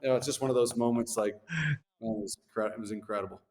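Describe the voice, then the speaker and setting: Laid-back low-voiced man in echoey room. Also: fast talker. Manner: laid-back, animated anecdotes with slangy asides. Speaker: former hockey player, interview guest. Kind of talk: casual storytelling interview. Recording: echoey room with long reverb.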